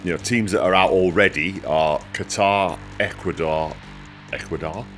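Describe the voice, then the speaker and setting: Male host, lowish pitch, bright tone, chatty and laughing. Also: normal speed, faint music behind. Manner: chatty, laughs often, many fillers. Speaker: podcast host. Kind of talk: casual football chat.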